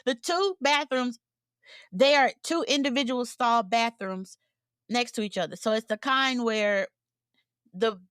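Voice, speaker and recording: A woman co-hosts a casual podcast and tells a story with lots of energy. Her voice sits a little high and sounds dry and close to the mic, with no room sound. She laughs often and acts out the lines of the people in her story. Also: a little slow, clear, resonant tone, dry recording. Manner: animated, laughing, acts out quotes. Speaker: podcast co-host.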